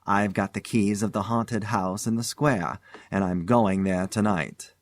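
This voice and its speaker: An eager, strong-willed elderly spinster aunt in a spoken ghost story, read by a man. She talks in a low, even voice with a touch of hushed excitement. The recording is close and dry. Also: unhurried, no echo, natural voice. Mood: excited.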